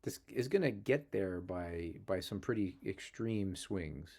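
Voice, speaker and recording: A man hosting a weather discussion, explaining forecasts in a measured way. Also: deep voice, expressive, darkish tone. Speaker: meteorologist host.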